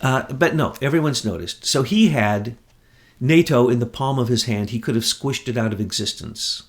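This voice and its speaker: A man's voice: medium pitch, normal speed. An American man in casual political chat, scornful and mocking as he talks. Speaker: political commentator.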